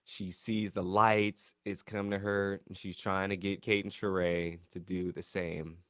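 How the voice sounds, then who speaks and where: A man casually recapping a reality competition episode, animated, breaking into mimicry of the cast. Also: measured pace, clear, resonant tone, no room sound, clean studio sound. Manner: animated, mimics cast members in high voices. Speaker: show reviewer.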